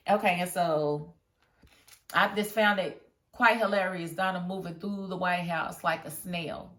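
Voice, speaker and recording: A woman casually reviewing a TV episode, chatty and animated, often breaking into laughter as she retells scenes. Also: fairly low pitch, a little slow, far from the mic. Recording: roomy echo.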